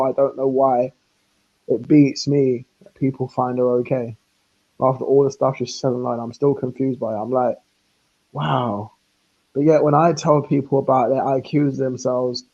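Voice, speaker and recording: A man's voice: medium pitch, darkish tone. A man on a live stream, ranting heatedly, laughing often and acting out quoted exchanges. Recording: lo-fi online stream audio.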